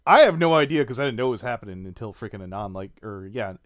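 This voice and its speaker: A man's voice: medium pitch, expressive, fast, dry recording, clean studio sound. A man hosting a casual livestream chat, rambling and swearing a lot. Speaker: stream host.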